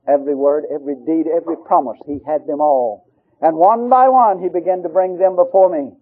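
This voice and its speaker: A man preaching an impassioned sermon, dropping to low murmurs and rising to high pleading cries. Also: fairly quick. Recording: tinny phone-like radio broadcast.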